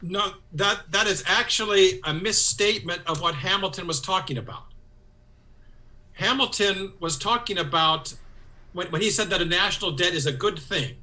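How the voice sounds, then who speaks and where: A man with a high, very bright voice lays out an economic argument as a podcast guest. He speaks firmly and corrects misunderstandings with confidence. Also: normal speed. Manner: firm, corrects others with confidence. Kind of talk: explanatory podcast discussion.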